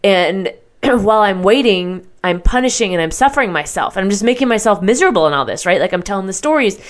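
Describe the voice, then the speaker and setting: A woman's voice: medium pitch, lively intonation, quick pace. Chatty woman telling a personal story. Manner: chatty, heavy use of "like" and "right?"; candid, swears casually. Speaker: podcast host.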